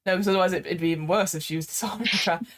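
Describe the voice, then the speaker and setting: A woman's voice: fairly low pitch, racing, a loud crowd. A woman running an improvised tabletop game as game master, chatty and often laughing, on a remote call. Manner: chatty, laughing, hesitant restarts. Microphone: remote call microphone.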